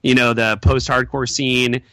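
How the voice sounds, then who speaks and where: Rambling bright-voiced male podcast host. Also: medium pitch, flat delivery, unhurried, no echo. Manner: rambling, lots of fillers and restarts. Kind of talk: casual podcast chat.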